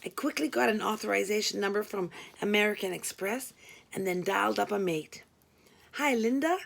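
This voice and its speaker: A woman reading a first-person story aloud, wry and expressive. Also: medium pitch, a little fast, creaky. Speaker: audiobook reader.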